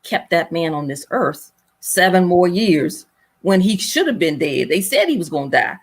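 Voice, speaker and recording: Interview guest, woman, lowish voice, earnest faith-driven storytelling. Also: sing-song, moderate pace, breathy edge. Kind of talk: emotional personal storytelling.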